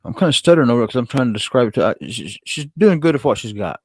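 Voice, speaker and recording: A man co-hosting a casual podcast, telling stories in a quick, stumbling way. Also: medium pitch, expressive, a little mellow, husky, no room sound. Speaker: podcast co-host. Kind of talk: casual chat.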